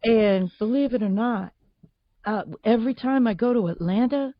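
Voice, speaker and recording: A woman's voice: a little high, moderate pace, dry recording, lo-fi sound. A woman from Boston, guest voice actor, talking in a chatty, laughing way with many restarts. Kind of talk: casual interview chat.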